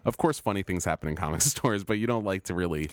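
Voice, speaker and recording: Male podcast co-host, low voice, dry sound, laughs a lot while chatting. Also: quick pace, dry recording. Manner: laughs often, relaxed and joking. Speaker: podcast co-host reading listener questions. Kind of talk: casual chat.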